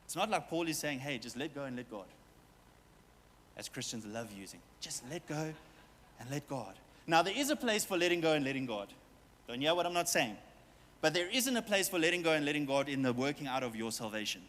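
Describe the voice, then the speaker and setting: A man's voice: on the high side, very animated, brisk, fairly bright tone, long reverb tail. A man preaching a sermon as pastor, talking straight to his congregation with playful asides and quoted voices. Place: church hall with long reverb.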